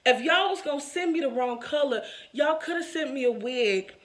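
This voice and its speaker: A woman's voice: high voice, expressive, moderate pace. A woman hosting a casual wig review vlog, talking straight to her viewers in an exasperated, emphatic way and laughing through her complaints. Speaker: wig reviewer and channel host.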